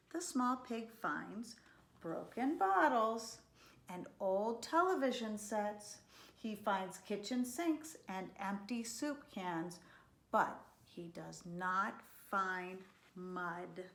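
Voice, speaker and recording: Woman reading a kids book real slow, bright voice, echoey room. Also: medium pitch, vocal fry. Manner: slow, expressive reading, dropping to soft whispers. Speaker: storyteller. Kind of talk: children's picture book read-aloud.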